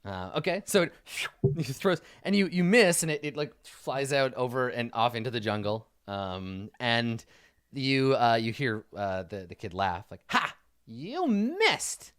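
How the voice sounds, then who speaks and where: A man's voice: medium pitch, normal speed, fairly bright tone, clean tone, no room sound, clean studio sound. A man narrating a tabletop game as game master in a casual, filler-heavy way.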